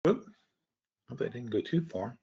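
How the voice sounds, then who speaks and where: A man hosting a live webinar talks through the news in a loose, thinking-aloud way, blunt and now and then profane. His voice sits at an ordinary middle pitch. The audio is dull and lo-fi, like a muffled webinar feed. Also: expressive, moderate pace, gravelly, dark tone, husky. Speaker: webinar host. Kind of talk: casual live market commentary.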